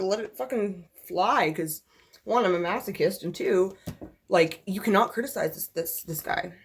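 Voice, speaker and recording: Rambling, venting young woman vlogger. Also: mid-range voice. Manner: rambling, filler-heavy, blunt and profane; venting, exasperated. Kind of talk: casual chat.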